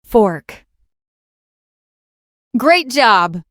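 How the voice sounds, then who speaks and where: An English teacher leads a beginner lesson in a raised, slightly high, somewhat bright voice, very animated. She speaks very slowly and clearly, repeating each word so listeners can copy it. The recording is dry and close, with no room echo.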